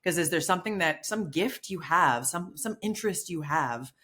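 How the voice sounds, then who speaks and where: Middle-aged woman podcast co-host, lowish voice, animated storyteller who acts out quotes, casual chat. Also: moderate pace. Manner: animated storyteller, many restarts and acted quotes.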